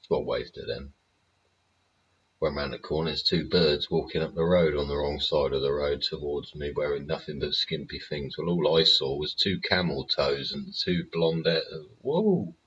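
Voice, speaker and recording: A man's voice: extremely low pitch, steady tone, moderate pace, fairly bright tone. A man, hosting his own show, rambling casually with constant swearing and chuckles. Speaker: host. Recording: slightly dull lo-fi audio with faint ambience.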